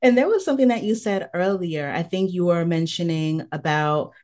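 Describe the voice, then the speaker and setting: A low-pitched woman's voice, relaxed and conversational. She hosts a podcast and tells personal stories openly, acting out the lines of the people in them. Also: normal speed. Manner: candid, storytelling with acted-out quotes. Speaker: podcast host. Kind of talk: casual conversational chat.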